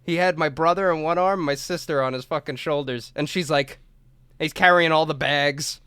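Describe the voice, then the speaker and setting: Animated, clear-voiced male podcast storyteller. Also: fairly high pitch, normal speed, no room sound. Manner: animated storyteller, acts out quotes, swears freely, laughs often. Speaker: podcast co-host. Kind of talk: casual storytelling chat.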